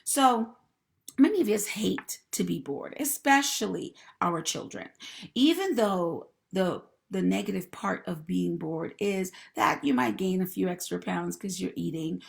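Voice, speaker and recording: A woman's voice: on the low side, unhurried, vocal fry. A woman therapist hosting a live-streamed advice talk, encouraging viewers and greeting commenters by name. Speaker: host and mental health professional.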